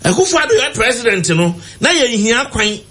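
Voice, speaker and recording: A man with a Ghanaian accent holds forth in a heated talk-show debate, his voice sitting unusually high for a man. He argues emphatically and presses his points hard. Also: very animated, moderate pace, bright, forceful tone. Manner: emphatic, argumentative, mixing languages. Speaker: political commentator.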